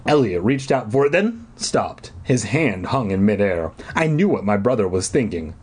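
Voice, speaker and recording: Husky guy reading a spooky kids book then rambling crude and sarcastic, voice bounces around. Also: fairly low pitch, sing-song, normal speed, few pauses, darkish tone. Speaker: host reading a horror book aloud. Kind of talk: storybook reading and casual chat.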